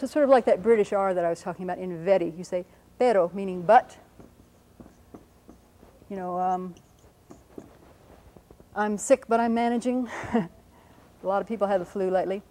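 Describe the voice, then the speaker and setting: A woman's voice: mid-range voice, fairly quick, long pauses, mellow, low-quality recording. A woman teaching a linguistics lesson at a whiteboard, patiently sounding out example words and correcting her own slips as she goes. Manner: self-correcting, apologizes for slips. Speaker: linguistics lecturer. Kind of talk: explanatory classroom lesson at a whiteboard.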